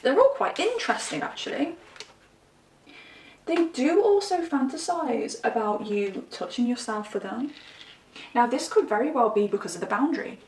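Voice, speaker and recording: A woman's voice: on the high side, animated, moderate pace, a little mellow, a little hiss or hum. A woman giving a casual tarot reading, chatty and giggly, often breaking into laughter. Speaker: tarot reader. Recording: echoey room, mic at a distance.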